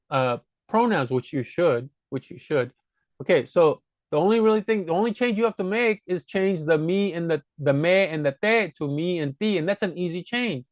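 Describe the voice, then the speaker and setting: A man with a slightly high voice walks through grammar points in a relaxed teaching style, patiently going back over each idea. The recording is dull and lo-fi, with a dry sound and no room echo. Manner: patient, repeats points to drive them home. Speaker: language teacher. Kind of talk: casual spoken grammar lesson.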